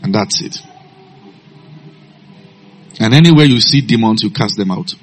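A man preaching a sermon, telling stories in a low calm voice and breaking into loud shouted commands. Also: a little slow, a little hiss or hum.

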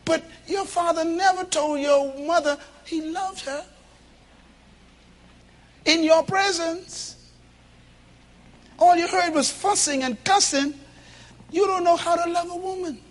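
High-voiced man preaching a lively sermon. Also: slow, pauses often. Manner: animated and emphatic, swinging between loud bursts and low asides. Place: church with a congregation.

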